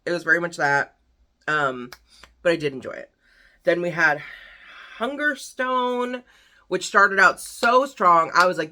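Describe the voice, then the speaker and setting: A woman talking casually through her recent reads as a book vlogger, rambling and animated, with lots of fillers. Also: lowish voice, unhurried, pauses often. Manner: chatty, rambling, many fillers. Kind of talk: casual book review chat.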